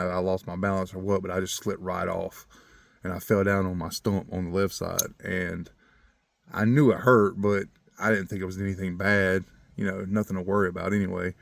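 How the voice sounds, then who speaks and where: Man with a lowish voice, earnest and rambling, chuckles a lot, warms up on faith; dry, close recording. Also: gravelly, no room sound. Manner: grows more animated when talking about faith. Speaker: vlogger telling a personal story. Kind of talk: casual storytelling.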